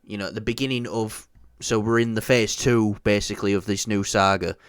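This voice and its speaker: A man's voice: on the low side, fairly even intonation, fairly quick, smooth, no room sound, clean studio sound. A man co-hosting a casual movie news podcast, joking crudely and swearing freely. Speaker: podcast co-host.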